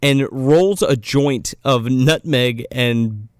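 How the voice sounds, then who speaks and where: A man's voice: medium pitch, drawn-out words, clean tone, dry recording, clean studio sound. A man co-hosting a podcast, recapping a movie with profane, wry questions and asides. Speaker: podcast co-host. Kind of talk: casual movie recap chat.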